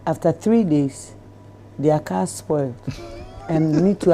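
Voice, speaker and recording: Low, mellow-voiced Ghanaian woman telling a story. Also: slow pace. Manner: animated storyteller who acts out voices, laughing. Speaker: celebrity guest. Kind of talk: storytelling interview.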